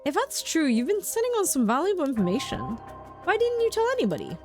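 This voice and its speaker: A skeptical private detective who questions dryly and doubts every claim, as a woman reads him out from a game. The voice stays lively in pitch despite the flat doubt. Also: quick pace, faint music behind, full character voice. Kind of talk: reading game dialogue aloud.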